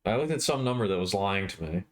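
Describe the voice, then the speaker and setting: While drawing on a livestream, a fast-talking man with a low, animated voice chats loosely with his viewers. He keeps circling back to restart or fix what he just said.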